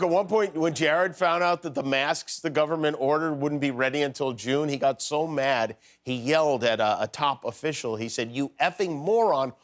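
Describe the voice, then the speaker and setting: A man hosting a late-night show, delivering a joking monologue and chuckling at his own punchlines. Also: mid-range voice. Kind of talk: comedy monologue.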